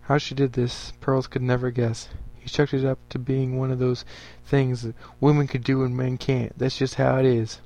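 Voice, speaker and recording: A man's voice: mid-range voice, flat delivery, moderate pace, gravelly, few pauses, dark tone. Man reading a story aloud. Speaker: podcast storyteller.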